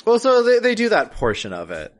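A man co-hosting a podcast in casual chat, hesitant with many fillers and restarts, with a dry, deadpan humor. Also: high-pitched, fairly quick. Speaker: podcast co-host.

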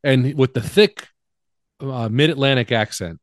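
A man's voice: medium pitch, measured pace, dry recording, clean studio sound. A middle-aged man co-hosting a casual chat, rambling and drifting off mid-thought. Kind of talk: casual chat about a film.

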